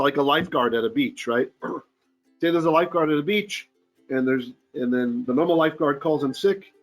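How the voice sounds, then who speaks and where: A man, a rabbi, teaching a Torah portion in an informal online class. He chants Hebrew verses, translates them in casual, joking talk, and often clears his throat. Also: mid-range voice.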